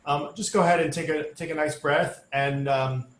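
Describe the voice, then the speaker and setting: A man's voice: a little high, fairly even intonation, moderate pace, reverberant. A man leading an online choir rehearsal, explaining diction and singing short demonstration phrases. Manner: sings demonstration phrases between spoken instruction. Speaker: choir director. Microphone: video call.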